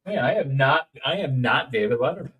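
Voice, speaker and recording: With an expressive, mid-range voice that's fairly bright and a little fast, a toy collector from Indiana, USA, streams a casual unboxing. He rambles, cracks jokes, and sings bits here and there, recorded on a distant mic.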